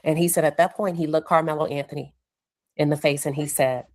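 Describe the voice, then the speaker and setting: Recapping courtroom testimony, this woman reporter performs the witnesses' quoted words in a raised voice. Her low voice runs a little fast with fairly even intonation, and the recording is dry.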